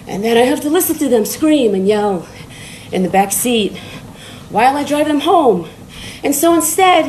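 High-voiced woman rambling on a treadmill. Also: lively intonation, a little slow, slight background noise, low-quality recording. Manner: rambling and blunt, with frequent laughs and swearing. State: walking on a treadmill while talking. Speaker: TikTok live streamer. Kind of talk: casual motivational live-stream talk. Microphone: phone live stream.

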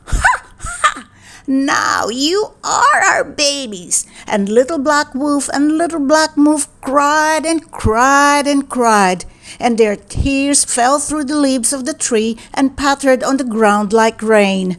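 A woman reading a children's picture book aloud in a gentle, expressive, deliberate way. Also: high voice. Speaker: read-aloud narrator.

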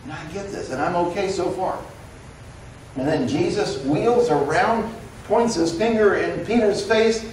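Pastor preaching in a roomy sanctuary. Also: male voice, high voice, unhurried, slight background noise. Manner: conversational, animated storytelling with quoted dialogue. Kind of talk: sermon. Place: church sanctuary. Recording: roomy echo, recorded from a distance.

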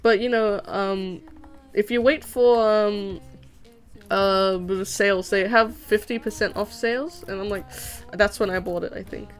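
A young woman streaming as she animates, chatting casually in a rambling, excitable way and laughing often. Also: mid-range voice, measured pace, clear, resonant tone, faint music behind. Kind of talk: casual chat while drawing on stream.

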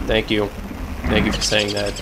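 A man giving profane, excitable commentary while playing a video game, swinging between shouted outbursts and low muttering. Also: moderate pace, very noisy. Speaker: let's play gamer. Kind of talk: gaming commentary.

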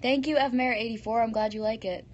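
A woman's voice: on the high side, steady tone, quick pace, darkish tone, highs cut off. A teenage girl hosting a casual live stream, reading fan comments aloud and answering them in a bubbly, giggly way into a phone.

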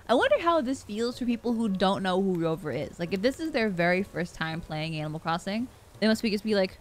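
A young woman giving chatty, excitable gameplay commentary as a gaming vlogger. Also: mid-range voice, brisk, a little hiss or hum. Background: faint game music.

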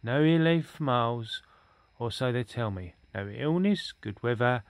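A man voicing a pompous, condescending older male Chief Rabbit in a storybook reading, speaking in a smooth, patronizing, drawn-out way. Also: medium pitch, animated, no echo.

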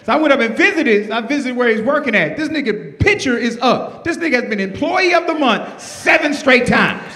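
A man in his fifties doing a loud, animated stand-up comedy set on stage, swearing freely as he tells stories. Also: very high voice, a little fast. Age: 50s. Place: comedy stage before a live audience. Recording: roomy venue sound with faint audience.

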